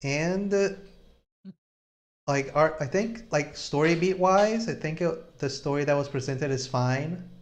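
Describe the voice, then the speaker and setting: A man hosting a live stream about reading comics, talking in a relaxed, halting way with frequent restarts. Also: on the high side. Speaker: host. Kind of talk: casual chat on a live stream.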